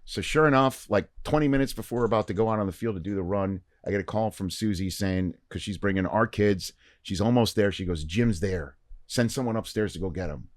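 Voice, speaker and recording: Deep-voiced man telling a story. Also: brisk, no echo, clean studio sound. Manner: animated storyteller, acts out quoted dialogue. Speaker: podcast guest. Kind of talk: casual storytelling chat. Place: podcast studio.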